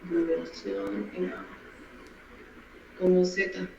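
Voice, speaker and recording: Brief: hesitant student, native Spanish, gravelly, distant and muffled. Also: male voice, high-pitched, little pitch movement, extremely slow, warm tone. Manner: hesitant, answering with fillers. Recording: distant, echoey, muffled with faint noise.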